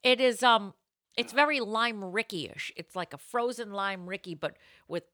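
A woman's voice: mid-range voice, unhurried, pushed and bright, no room sound, clean studio sound. A woman hosting a casual podcast chat, tasting a cocktail and cracking playful, salty jokes over a video call. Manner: playful, wisecracking, swears casually. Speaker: podcast host.

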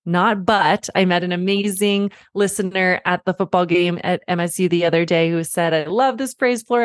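Woman parenting podcast host, earnest and encouraging, low-ish voice, dry close sound. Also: steady tone, normal speed, few pauses, no room sound. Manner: earnest, encouraging, repeats key phrases. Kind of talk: coaching talk to parents.

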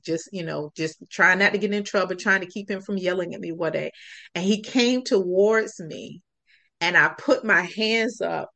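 A woman's voice: on the low side, fairly bright tone. A woman guest on a podcast, telling a personal story in an earnest, reflective way.

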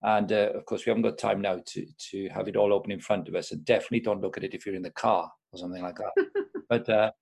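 A man's voice: on the low side, steady tone, fast talker, vocal fry, darkish tone, husky. A man explaining a Bible passage in an earnest, teacherly and enthusiastic way during a podcast conversation. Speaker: guest, Christian sports speaker.

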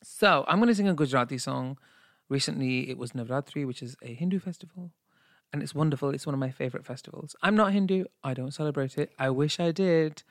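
A man's voice: a little high, fast, dry recording. A man co-hosting a podcast, chatting in a camp, playful, teasing way into a studio microphone. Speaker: podcast co-host. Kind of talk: casual chat.

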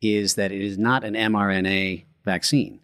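A man guest on a podcast in casual chat, measured and informative as he lays out facts. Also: lowish voice, flat delivery, fairly bright tone, clear, resonant tone, no echo, studio quality.

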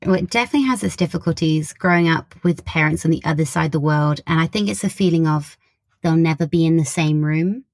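A woman's voice: deep voice, fast talker, no echo, clean studio sound. A young woman from Wiltshire with a southern English accent, chatting in an interview, laughing often and using plenty of "like". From Wiltshire, England. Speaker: interviewee, social media creator. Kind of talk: casual interview chat.

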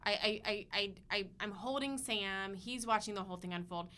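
A woman's voice: mid-range voice, moderate pace, bright, forceful tone. A woman in her thirties, a podcast co-host, telling a long, chatty story with lots of fillers and restarts. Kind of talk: casual chat.

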